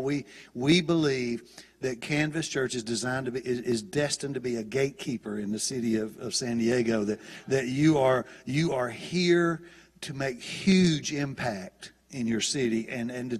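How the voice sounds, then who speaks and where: A man's voice: medium pitch, husky. A man with a Southern US accent, a guest preacher giving a folksy, chatty sermon with many restarts. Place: church auditorium. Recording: long church hall reverb.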